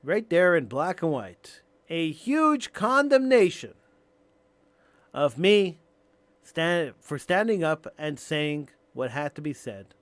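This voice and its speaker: A male radio talk show host delivering an impassioned, emphatic monologue, building to near-shouting on key points. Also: on the high side, very animated, slow, dry recording.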